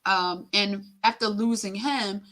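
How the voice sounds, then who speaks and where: A middle-aged woman, a guest on an interview, telling an emotional personal story haltingly with many fillers and acted-out quotes. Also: mid-range voice, steady tone, a bit bright.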